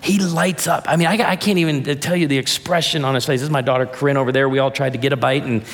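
A man's voice: mid-range voice, steady tone, fast. A man in his forties preaching a humorous sermon, joking with the audience and then turning heartfelt. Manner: playful, addresses the audience directly, jokes then turns heartfelt. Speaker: pastor. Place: large hall or church auditorium, before an audience. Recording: long reverb of a large hall.

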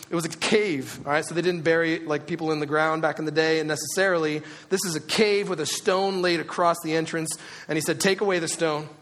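A man preaching a sermon in a relaxed, conversational way, swinging between loud animated bursts and quiet, hushed moments. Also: on the high side, long reverb tail. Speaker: pastor.

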